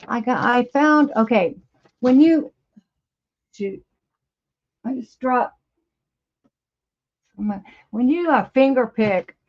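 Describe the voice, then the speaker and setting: A woman over fifty hosting a casual livestream from her home studio, chatting to viewers in a rambling, easily amused way. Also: mid-range voice. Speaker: livestream host. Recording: slightly dull lo-fi livestream audio.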